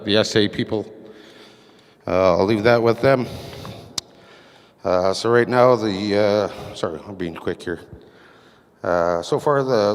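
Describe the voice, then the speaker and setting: At a community meeting, a man with a lowish voice gives a council portfolio report, reading from his notes haltingly with many fillers. The echoey hall adds noticeable reverb.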